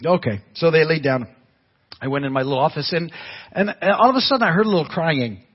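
A man's voice: a little high, animated, fast, slightly rough. An older man preaching a sermon as pastor, telling folksy stories with frequent restarts. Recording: dull lo-fi church audio.

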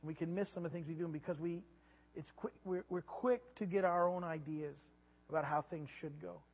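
A pastor preaching a sermon, animated and repeating his words, sometimes acting out voices. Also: on the high side, a little fast. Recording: dull lo-fi sound with long hall reverb.

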